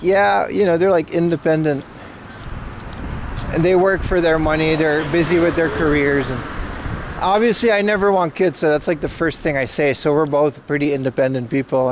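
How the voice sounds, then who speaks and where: A man's voice: a little high, background noise. A man in his thirties from Boston, chatting loosely with his livestream viewers in a rambling, jokey way. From Boston, USA. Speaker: IRL livestreamer. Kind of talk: casual chat with stream viewers. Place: outdoors in Japan.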